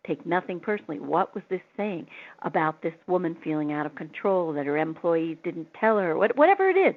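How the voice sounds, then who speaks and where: Woman radio host telling a story, lowish voice, thin phone-line sound. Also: normal speed. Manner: chatty, tells personal anecdotes. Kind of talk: advice talk show interview.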